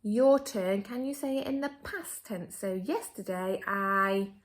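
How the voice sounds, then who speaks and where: An English woman teaching a remote phonics lesson to young children, upbeat and slow, stretching key words. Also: medium pitch. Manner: upbeat, slow and exaggerated for children, my turn your turn. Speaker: primary school teacher.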